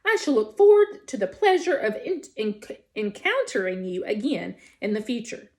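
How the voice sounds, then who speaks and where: A gentle female robot who speaks in careful, overly formal sentences, as a woman reads her lines. Her phrasing is proper and earnest, with a lively rise and fall. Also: on the high side, moderate pace. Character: polite, stiff female robot learning to be friendly.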